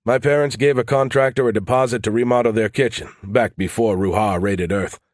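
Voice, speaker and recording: A man's voice: mid-range voice, steady tone, a little fast, dry recording, close to an everyday voice. A man voicing a wry, grumbling man with sour, dry humor in an audiobook.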